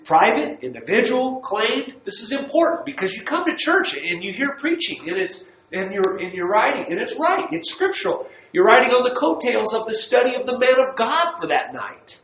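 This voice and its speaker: Man, folksy Bible teacher, a bit high-pitched, echoey lo-fi church room recording. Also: a little hiss or hum. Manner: folksy, emphatic, repeats words for stress. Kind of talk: Bible study lesson. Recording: echoey room, dull lo-fi sound.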